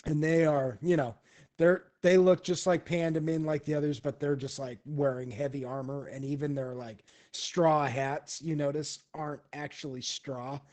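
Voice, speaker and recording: A man narrating as game master of a tabletop role-playing game in a relaxed way, laughing often. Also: fairly high pitch, moderate pace. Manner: relaxed, many fillers and restarts, laughs often.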